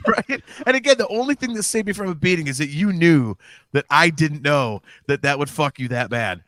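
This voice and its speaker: Male co-host, somewhat high voice, dry close mic, loose profane storyteller. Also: animated, a little fast, fairly bright tone, no room sound. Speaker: podcast co-host. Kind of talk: casual chat.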